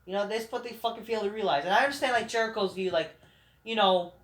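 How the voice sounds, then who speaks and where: A man's voice: sits high, fast, a bit bright. A man hosting a vlog, delivering a rambling, heated, profane rant full of restarts. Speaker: vlog host. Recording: roomy echoing room.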